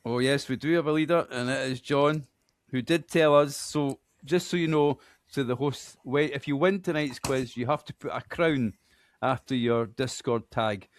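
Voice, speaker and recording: A Scottish man with a Scottish accent and mid-range voice hosts a podcast quiz, with no room sound. He's chatty and self-deprecating, reading names out slowly.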